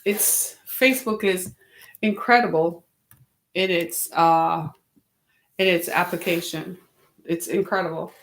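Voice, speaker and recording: A woman's voice: on the low side, steady tone, takes it slowly, pauses often, roomy sound, a little hiss or hum. A woman hosting her web series, talking casually to camera, tired and a little wheezy from lack of sleep, with a chatty, exasperated, rambling manner.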